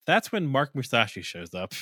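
A man's voice: medium pitch, very animated, normal speed, bright, forceful tone, no echo. Laid-back rambling man, dry sound. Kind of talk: casual chat about an anime.

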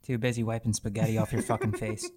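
A man's voice: on the low side, level tone, fast, over a noisy crowd, close to an everyday voice. A man voicing a pompous St. Patrick in a put-on Irish accent, theatrical and profane. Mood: mock-pious, indignant. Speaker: podcast co-host. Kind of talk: casual comedy podcast chat.

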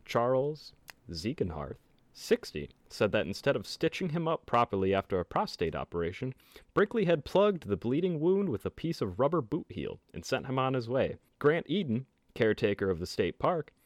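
Lively male podcast host reading history. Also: dry recording, clean studio sound. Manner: animated storytelling with lively pitch. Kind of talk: casual podcast chat, reading history aloud.

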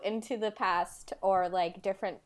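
A woman co-hosting a casual book podcast. She recaps the story in a halting way, with many ums and likes. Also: medium pitch, fairly even intonation. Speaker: podcast co-host.

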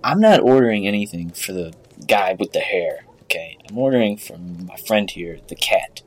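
Very low, husky woman, blunt player. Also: lively intonation, moderate pace. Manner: blunt, impatient. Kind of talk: casual tabletop play.

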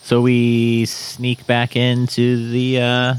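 A man playing in a tabletop game, talking casually with hesitant, halting phrasing. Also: medium pitch, completely flat delivery, clear, resonant tone. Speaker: player.

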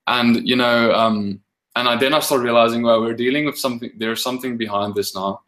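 A man's voice: mid-range voice, steady tone, brisk, fairly bright tone, poor audio. A man speaking as a guest minister, telling a casual testimony full of fillers and restarts, and turning firm when he describes commanding prayer.

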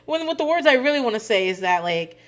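A woman in her thirties chatting casually as a podcast host, profane and quick to laugh. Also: fairly high pitch, a bit bright. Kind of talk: casual chat recapping a reality show.

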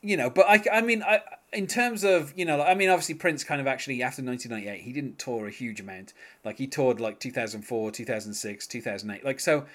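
A man's voice: medium pitch, quick pace, hardly any pauses, fairly bright tone. A man chatting casually as a podcast host, full of fillers and restarts. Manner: hesitant, many fillers and restarts. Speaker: podcast host reviewing music. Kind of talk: casual chat.

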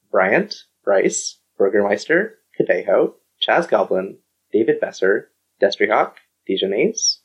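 A woman's voice: extremely low pitch, slightly rough. A woman co-hosting a casual comedic podcast, reading a long list aloud, stumbling over names and swearing. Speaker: podcast co-host. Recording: muffled lo-fi recording.

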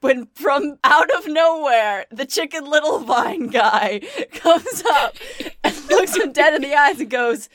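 A woman hosting and running a comedic tabletop game, telling the story in a lively way and often breaking into laughter. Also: high voice, takes it slowly, dry recording, clean studio sound. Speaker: host and game master.

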